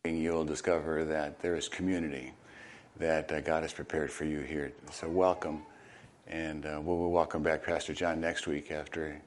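An older man, a retired pastor, preaching a conversational sermon with halting fillers and bursts of animated storytelling. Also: a bass voice. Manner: conversational, halting with fillers, animated when acting out crowd reactions.

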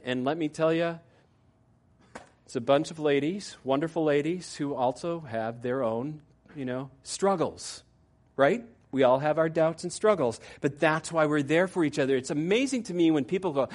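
A male pastor preaching a sermon in a conversational way, with fillers and asides to the congregation, going soft and quiet toward the end. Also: on the high side, normal speed. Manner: drops to a soft, quiet tone at the close.

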